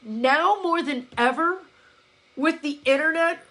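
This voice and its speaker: A woman's voice: sits high, slow pace, background noise. A woman fitness coach talking casually on a live stream, blunt and emphatic, swearing now and then and acting out her followers' complaints. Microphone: phone or laptop.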